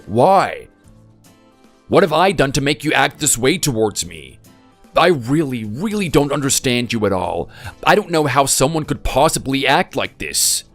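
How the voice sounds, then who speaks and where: A man's voice: medium pitch, natural voice. A man voicing an aggrieved older father-in-law in a voice-acted text story, talking in a plaintive, self-pitying way. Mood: wounded.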